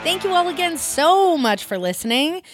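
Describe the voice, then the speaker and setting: A woman's voice: high voice, big pitch swings, normal speed. A woman co-hosting a music podcast, chatting casually and reading out listener contact details. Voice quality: warm, giggly, chatty. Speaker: podcast co-host.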